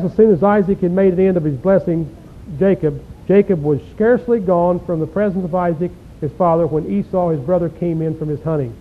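A man delivers a sermon, reading scripture and stopping to ask his listeners pointed, folksy questions. His voice sits high, and the recording is thin and phone-like with a faint low rumble underneath. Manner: rhetorical questions, folksy asides. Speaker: preacher.

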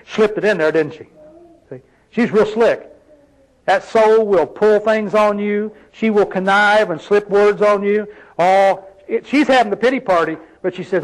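A man's voice: high-pitched, normal speed, pauses often, rough recording. A man preaching a sermon, reading scripture aloud and pressing the congregation with rhetorical questions.

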